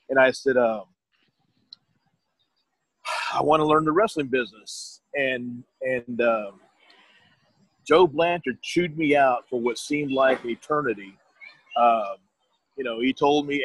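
Middle-aged male guest, husky and dry, rambles through a casual anecdote. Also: on the high side, moderate pace, no echo, rough recording. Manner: rambling, restarts, quotes others. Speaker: guest telling his story. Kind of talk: casual storytelling.

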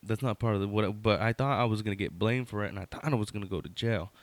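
A man's voice: fairly low pitch, fast, no echo. A middle-aged man casually telling a personal story, rambling and wry, full of fillers, self-corrections and "right?" asides. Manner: wry, conversational, addresses listener with "right?".

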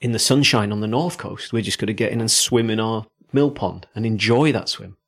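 A man's voice: fairly low pitch, brisk, vocal fry, husky. A man from South Africa with a South African accent, co-hosting in casual chat. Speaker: podcast co-host.

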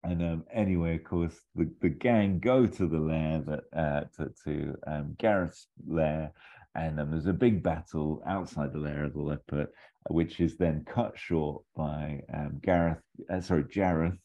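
A man's voice: extremely low pitch, fairly even intonation, measured pace, mellow, dull audio. A man in casual podcast chat, rambling through a story idea with many fillers and restarts. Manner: rambling, acts out lines in bits.

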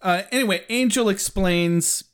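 A man's voice: sits high, measured pace, smooth. A man co-hosting a podcast, recapping a TV episode in casual, joking chat full of swearing. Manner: profane, joking, animated. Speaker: podcast co-host.

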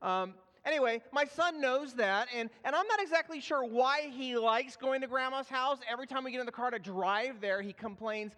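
Pastor, man, 30s, high-pitched, chatty sermon storytelling, hall reverb. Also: brisk, few pauses, bright, forceful tone. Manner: conversational, self-deprecating, with frequent fillers and restarts. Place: church sanctuary. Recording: echoey hall.

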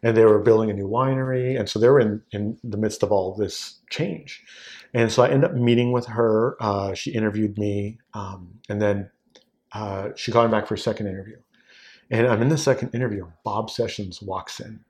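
A man in his forties from Southern California, a wine sales executive, telling an anecdote as a guest and acting out the quoted voices. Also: normal speed. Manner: animated, acts out quoted voices with big pitch jumps. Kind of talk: casual anecdotal storytelling.

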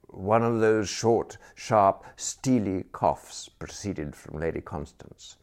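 A man's voice: deep voice, takes it slowly, creaky, few pauses. A man reading a comic novel aloud as narrator, telling it dryly and expressively. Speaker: audiobook narrator.

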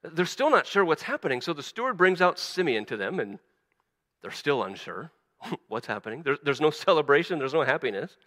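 A man preaching a sermon as a pastor, animated, acting out quoted voices, often stumbling and restarting. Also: a little high, fairly quick, in a large hall.

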